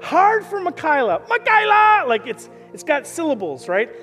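A middle-aged man preaching to his church, telling stories with animation and acting out the quotes. His voice sits high for a man. The sound is a reverberant hall with music playing softly underneath. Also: normal speed, muffled recording. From Canada. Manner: animated storytelling, acts out quotes. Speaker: pastor. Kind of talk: sermon. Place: church service.

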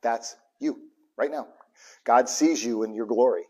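A pastor preaching a live sermon with passion, dropping to a hush and then bursting out loud, chuckling between points and repeating lines for emphasis. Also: male voice, medium pitch, a little slow, slightly rough. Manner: impassioned preaching, swings from hushed to loud bursts.

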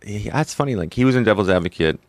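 A man's voice: fairly low pitch, animated, quick pace, no echo. A man guesting on a podcast, chatting in a chipper, upbeat way and laughing easily. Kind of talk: casual comedic chat.

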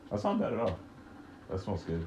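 Deep-voiced young man, halting and rambling. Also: wildly swooping pitch. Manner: rambling, halting, swears a lot. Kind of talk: casual chat while drinking. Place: room at home. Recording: echoey room with noise.

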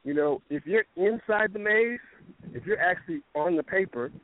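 A man's voice: high voice, lively intonation, normal speed, no echo. A male fitness coach hosting a casual podcast talk. He rambles, restarts his words and tells stories with quoted back-and-forth. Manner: rambling, repeats words when starting sentences. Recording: tinny phone-line audio, dry.

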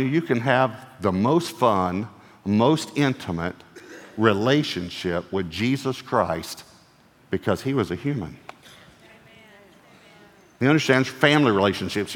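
A male pastor preaching a sermon in an animated way, acting out quoted lines in playful voices and often laughing as he talks. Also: mid-range voice, long reverb tail.

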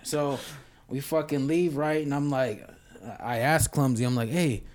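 A medium-pitched, darkish, unhurried male voice tells a rambling, profane story as a guest on a casual podcast. He once played in a band and comes across as laid-back.

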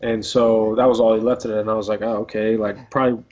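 A man's voice: lowish voice, flat delivery, fast talker, a little mellow. A man in his twenties, a pro baseball player, telling a story casually in an interview with lots of fillers and restarts. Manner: rambling, filler-heavy, laid-back. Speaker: professional baseball player guest. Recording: dull lo-fi audio.

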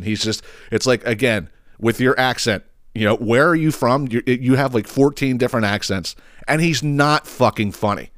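A man's voice: mid-range voice, dry recording, clean studio sound. A man hosting a podcast, ranting in a blunt, profane, exasperated way. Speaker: podcast host. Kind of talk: casual ranting commentary.

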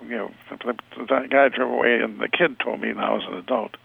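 An older man telling stories as an interview guest, rambling and halting with many restarts. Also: mid-range voice, fairly even intonation, dry recording. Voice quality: gravelly, husky. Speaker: interview guest, retired football scout. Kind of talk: storytelling over the phone. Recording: tinny phone line.

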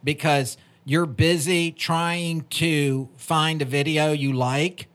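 A man's voice: fairly high pitch, fairly even intonation, slow, a bit bright. A man from Virginia with a Southern twang, co-hosting a podcast in rambling, joking chat. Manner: rambling, self-conscious, joking. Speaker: podcast co-host.

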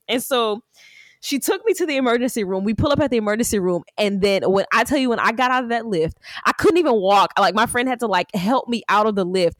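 A woman's voice: on the high side, a little fast, dry recording. A woman podcast host telling a story in casual chat, acting out what people said, with lots of "like". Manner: animated storyteller acting out quotes, frequent "like".

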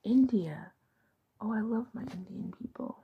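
A woman hosting a podcast in a casual chat. She talks softly and rambles, often dropping into a half-whisper. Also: medium pitch, a little slow, dull audio, slight background noise. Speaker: podcast host.

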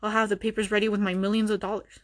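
A woman's voice: mid-range voice, little pitch movement, rapid-fire. A young woman hosting her own podcast, ranting in a blunt, profane and sarcastic way. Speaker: podcast host. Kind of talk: casual ranting monologue.

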